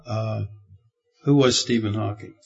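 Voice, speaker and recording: Slow, rambling pastor with muffled sound. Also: male voice, on the low side, fairly even intonation, vocal fry, darkish tone. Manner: rambling, good-humored storytelling with chuckles. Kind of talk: sermon.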